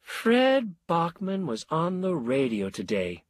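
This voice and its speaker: A male narrator voicing a dazed adult wife who speaks in a slow, faraway, sighing way. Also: on the low side, huge pitch swings, dry recording, studio quality, pitched above the performer's own voice, full character voice. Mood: dreamy. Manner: faraway, drawn-out sighing delivery.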